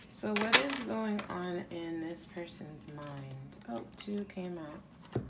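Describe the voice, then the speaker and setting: Slow-talking woman giving a tarot reading. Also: fairly low pitch, very noisy. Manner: casual, rambling, heavy use of "like". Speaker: tarot reader. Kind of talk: pick-a-pile tarot reading.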